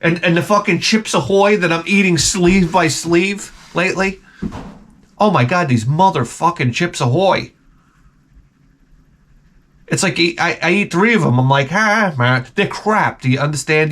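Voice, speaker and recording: A middle-aged man rants in a rambling, profane, animated way, full of restarts. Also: sits high, normal speed. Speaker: vlogger. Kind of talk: profane comic rant.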